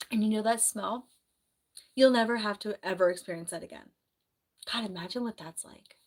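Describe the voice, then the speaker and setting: A woman on a casual live stream, chatting and rambling in a soft voice. She has a sore throat and keeps clearing it. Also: a little high. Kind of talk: casual live-stream chat reading comments.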